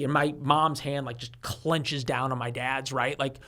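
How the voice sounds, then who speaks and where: Animated storyteller man in his forties. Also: medium pitch, measured pace. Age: 40s. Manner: animated storyteller who acts out quoted voices, with frequent restarts. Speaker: guest author. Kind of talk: storytelling in a conversational interview.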